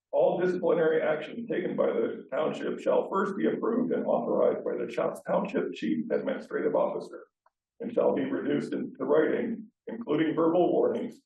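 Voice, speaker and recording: A man's voice: on the high side, gravelly. A man giving a pointed, sarcastic public comment at a township meeting, reading from notes. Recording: distant, roomy, dull public meeting audio.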